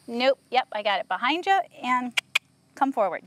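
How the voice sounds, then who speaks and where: A woman horse trainer working a horse outdoors, explaining to viewers and softly praising the horse as she goes. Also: fairly high pitch, big pitch swings, normal speed, a little hiss or hum. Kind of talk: instructional training video.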